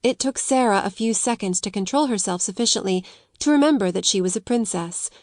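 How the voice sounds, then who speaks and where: A woman reading a classic novel aloud as an audiobook narrator, in clear, even storytelling. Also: medium pitch, fairly quick, no echo, studio quality.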